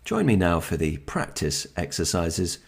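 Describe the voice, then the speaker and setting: A man with a London accent teaching English grammar, slowly and carefully repeating example sentences. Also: sits low, huge pitch swings, gravelly, breathy edge. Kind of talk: slow, deliberate grammar lesson.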